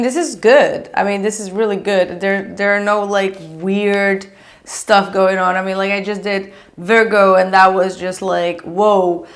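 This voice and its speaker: Chatty woman giving a tarot reading. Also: medium pitch. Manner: chatty, gushing, many fillers. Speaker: tarot reader.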